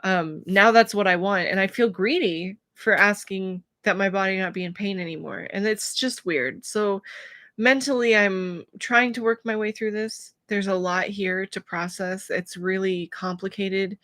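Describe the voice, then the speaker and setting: A woman talking to camera about her feelings in a personal vlog, emotional and searching for words, with many pauses and fillers. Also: fairly low pitch, fairly bright tone, no room sound, studio quality. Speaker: vlogger.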